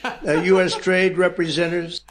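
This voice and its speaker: A man's voice: high-pitched, little pitch movement, normal speed. An older man giving off-the-cuff public remarks in a large formal room, rambling and teasing his guests. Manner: rambling, digressive, teasing asides. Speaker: speaker at an official event. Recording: crowd murmur and room noise from an archive clip. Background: crowd of guests, background noise.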